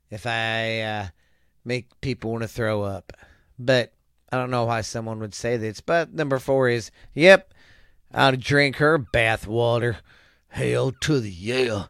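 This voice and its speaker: A man's voice: medium pitch, creaky, fairly bright tone, clean tone, no echo, studio quality. A man hosting a vlog, reading viewer comments aloud with crude jokes and rambling asides.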